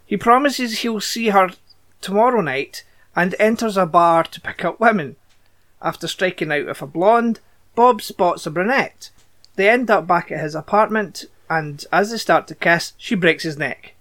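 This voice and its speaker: Scottish male podcast host, high-pitched, deadpan recapper with blunt asides. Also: moderate pace. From Scotland. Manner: dry, blunt, sweary asides. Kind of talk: casual podcast chat, reading plot recaps.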